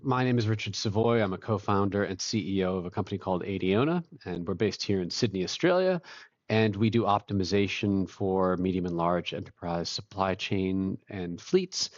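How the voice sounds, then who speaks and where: Deep-voiced man, dry muffled sound. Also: normal speed, no echo. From Boston, USA. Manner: relaxed storytelling, occasional self-laughs. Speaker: guest, company co-founder and CEO. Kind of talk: conversational interview.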